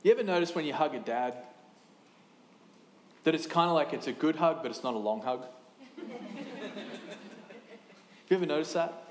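A man in his thirties preaching a sermon in a lively, conversational way, with quick asides and restarts. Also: on the high side, reverberant, a little hiss or hum. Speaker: pastor.

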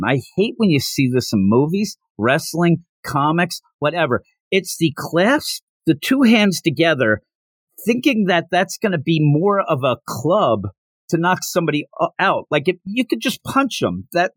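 Man, podcast host, animated, lively pitch, fairly high voice, dry close mic. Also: dry recording. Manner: animated, acts out characters' lines and sound effects. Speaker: podcast host recapping manga. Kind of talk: casual recap with quick voiced quotes.

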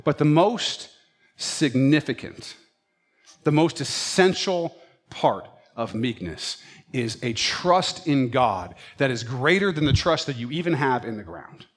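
A man preaching a sermon as a pastor, telling stories and acting out his pets' thoughts in an animated way. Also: medium pitch, slow.

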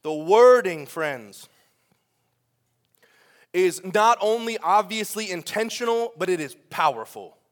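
A young adult man preaching a sermon in a church, animated and joking, firing questions at the congregation. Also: high voice, slow, pauses often. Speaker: pastor. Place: church sanctuary.

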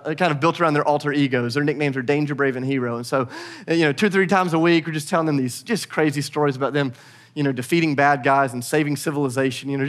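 Storytelling pastor, earnest and lively. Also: male voice, fairly high pitch. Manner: storytelling, lively and earnest, dropping soft for prayer. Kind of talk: sermon.

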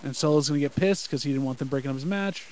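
A man's voice: fairly high pitch, rapid-fire, a little mellow, rough recording. Wry man co-hosting a podcast. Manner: wry, storytelling, dry asides. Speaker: podcast co-host. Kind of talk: casual live-react chat.

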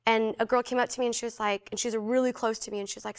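A woman's voice: on the high side, fast, few pauses, clear, resonant tone. A young adult woman as an interview guest, telling a personal testimony in casual storytelling style, full of "like" and acting out the voices she quotes. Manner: animated, fillers of "like", acts out quoted voices.

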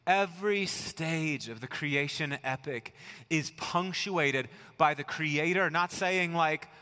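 A middle-aged American man preaching a sermon, telling family stories in a relaxed way and dropping to a soft hush to stress a point. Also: fairly high pitch, slow pace, smooth, long reverb tail. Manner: conversational storytelling, dropping to soft near-whispers for emphasis. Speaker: pastor. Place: church sanctuary.

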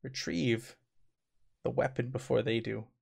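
A man voicing a calm, kindly male tribal elder who speaks softly and slowly. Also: mid-range voice, gravelly. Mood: quiet, solemn. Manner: soft, measured, repeats himself.

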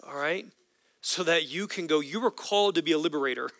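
A man's voice: fairly high pitch, brisk, a bit bright, no room sound. A man preaching a sermon as a pastor, with an impassioned, repetitive preaching cadence.

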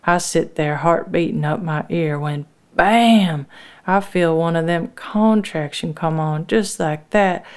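A woman's voice: fairly low pitch, fairly even intonation, a little slow, few pauses, clear, resonant tone. A woman telling a dramatic first-person story in an earnest rural dialect.

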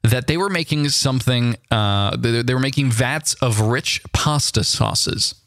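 A podcast co-host in casual chat, teasing and arguing in quick banter. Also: medium pitch, fairly bright tone, dry recording, studio quality.

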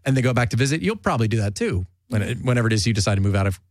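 Podcast host, male, light New Jersey accent, lively pitch, dry close mic, rambling and self-correcting. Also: racing, no echo. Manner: chatty, self-interrupting, laughs easily. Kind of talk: casual chat.

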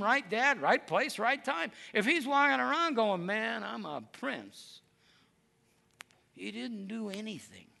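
A man preaching a lively, emphatic sermon to a congregation. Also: very high-pitched, vocal fry. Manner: lively storytelling, animated and emphatic.

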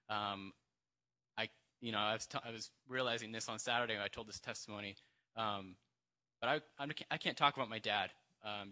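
A man sharing a personal church testimony, halting and emotional, with many fillers and restarts. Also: fairly low pitch, bright, forceful tone. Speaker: congregation member sharing testimony.

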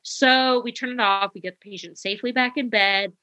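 Bright-voiced young woman telling nurse stories. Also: fairly quick. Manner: animated, acts out quotes with big pitch jumps. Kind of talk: casual storytelling chat.

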